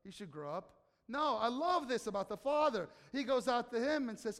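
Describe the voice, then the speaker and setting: Brief: male pastor, high voice, chatty sermon that keeps asking the congregation questions, reverberant hall. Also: expressive, normal speed, a bit bright. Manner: conversational, questions the audience, acts out quotes.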